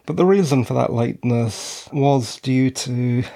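A man's voice: mid-range voice, measured pace, gravelly, dark tone. A middle-aged man hosting his own podcast, out of breath and tired, rambling along with self-deprecating asides into a handheld dynamic mic. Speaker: podcast host. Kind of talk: casual solo podcast chat. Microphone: handheld dynamic microphone.

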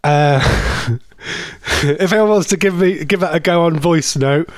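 A man's voice: on the high side, no echo, clean studio sound. A man with a Norfolk accent presenting live radio, self-mocking and flustered, with a cold coming on. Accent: Norfolk English. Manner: flustered, self-mocking, stumbling attempts at fast auctioneer chant. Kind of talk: casual live radio chat.

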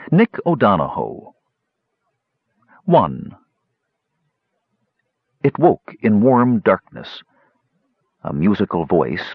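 Male narrator, low husky voice, lively intonation, dry dull lo-fi recording. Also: no room sound. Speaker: audiobook narrator. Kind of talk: scripted fantasy narration.

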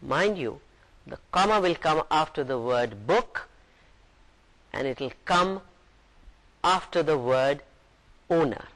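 A man's voice: fairly high pitch, expressive, takes it slowly, pauses often, fairly bright tone, low-quality recording. A man giving a recorded university lecture, patiently explaining each point and reading example sentences aloud.

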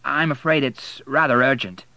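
A man's voice: medium pitch, moderate pace, sharp tone, dry recording, voice pushed up. A man voicing a firm, determined young American man who makes clipped demands, in an audiobook reading.

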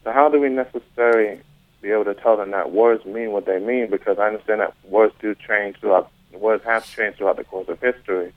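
A man's voice: fairly low pitch, steady tone, fairly quick, no room sound. A man from Florida calling into a radio show, thoughtful, circling and rephrasing his question. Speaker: caller. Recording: tinny phone line.

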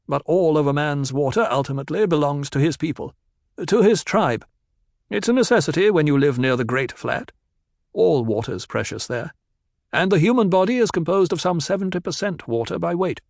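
Guy playing a cool lecturing ecologist man, a bit raised and gravelly, dry sound. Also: on the high side, expressive, moderate pace, dry recording, voice pushed up. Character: calm, commanding male desert ecologist.

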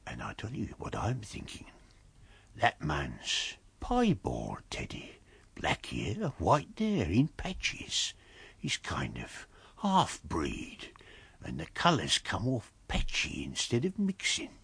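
A man voicing a rustic village carrier who talks in slow, hushed, confiding country dialect. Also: sits low, wildly swooping pitch, gravelly, husky, no room sound, pitched below the performer's own voice, exaggerated voice. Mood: conspiratorial.

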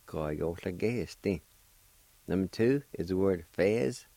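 Slow, low-voiced man teaching words. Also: mellow, no echo. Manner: slow, patient, encouraging. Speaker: language teacher and radio host. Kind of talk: spelling and pronunciation lesson.

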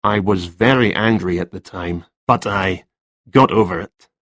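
A man's voice: deep voice, unhurried, a bit bright, no room sound, clean studio sound. A man doing a flustered, hesitant writer. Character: flustered middle-aged male writer.

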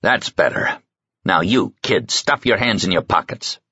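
A man voicing an impatient, menacing kidnapper chief who barks gruff orders in an audiobook. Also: lowish voice, expressive, unhurried, bright, forceful tone, no echo, lo-fi sound, exaggerated voice.

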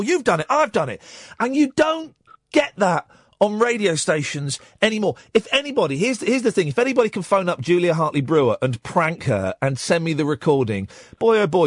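A man with an English accent hosting a late-night phone-in radio show, telling animated stories with mocking asides. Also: sits high, dry recording, studio quality. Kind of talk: casual phone-in chat. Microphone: studio microphone.

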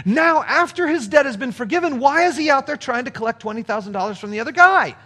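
A man preaching a sermon as pastor, conversational and animated, asking the congregation rhetorical questions. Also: extremely high pitch, fast talker.

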